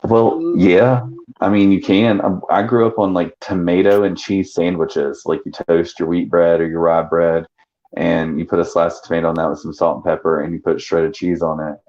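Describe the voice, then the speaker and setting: A man's voice: low voice, fairly even intonation, moderate pace, darkish tone, dull audio. A man with a South Georgia Southern accent, chatting animatedly on a live stream, laughing and swearing as he tells stories. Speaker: panel host. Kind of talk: casual live-stream chat.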